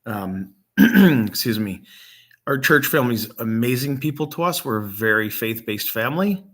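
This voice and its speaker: A middle-aged man from Michigan, a grieving father hosting a vlog, talks off the cuff with many pauses and ums, his voice catching as he nears tears. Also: mid-range voice, expressive, fairly bright tone. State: emotional, near tears. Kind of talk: unscripted casual talk to camera.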